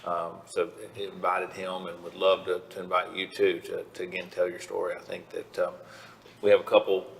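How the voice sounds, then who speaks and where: A man, a county official, giving halting, measured remarks at a public meeting. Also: low-pitched, monotone, vocal fry, slight background noise. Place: county board meeting room.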